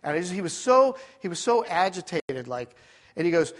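A man's voice: sits high, sing-song, moderate pace. A middle-aged man preaching, telling a personal story with many asides and restarts. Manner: rambling storyteller, drops to quiet tones for serious moments.

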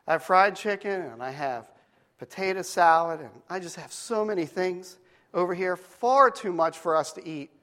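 A preacher voicing a gentle coaxing church mother. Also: high voice, moderate pace. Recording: long hall reverb.

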